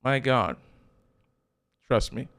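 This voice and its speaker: A man's voice: mid-range voice, expressive, very slow, fairly bright tone. A man preaching a sermon as a pastor, emphatic, with rhetorical questions and repeated phrases.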